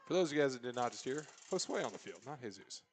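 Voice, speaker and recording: A man's voice: medium pitch, racing, a little hiss or hum. A man doing color commentary at a school soccer match, with dry, teasing banter. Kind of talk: local sports commentary.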